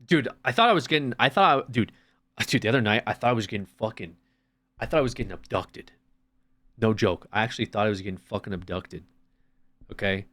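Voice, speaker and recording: A man's voice: on the low side, brisk, long pauses, a bit bright. A man streaming, chatting casually, swearing often and acting out little scenes. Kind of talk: casual chat.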